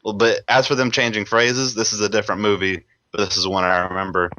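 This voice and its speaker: Young dude on a podcast, low but bright, tense voice, stumbles over his words. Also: level tone, a little hiss or hum, low-quality recording. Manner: stammering, quick anecdotes. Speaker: podcast co-host. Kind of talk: casual film discussion.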